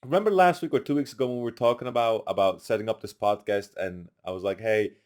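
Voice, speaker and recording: A man's voice: mid-range voice, fast talker. A young man on a podcast, telling stories casually and acting out what others said. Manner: animated storyteller, acts out quotes loudly. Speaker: podcast guest.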